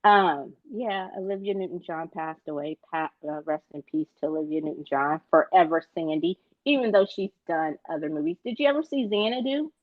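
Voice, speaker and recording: A man's voice: fairly high pitch, moderate pace, few pauses, no echo, muffled recording. A male co-host chatting casually about pop culture news, playful and teasing, with many fillers.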